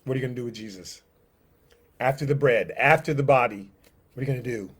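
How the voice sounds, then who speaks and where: Guy teaching bible study, casual and lively, acting out scenes as he talks. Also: medium pitch, quick pace, husky. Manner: animated, acts out scenes, conversational.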